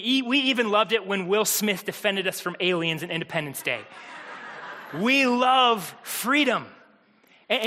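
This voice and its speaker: Energetic preacher with a bright high voice. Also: male voice. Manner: energetic, rhetorical repetition. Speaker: pastor. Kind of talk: sermon. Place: church sanctuary. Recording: reverberant church hall.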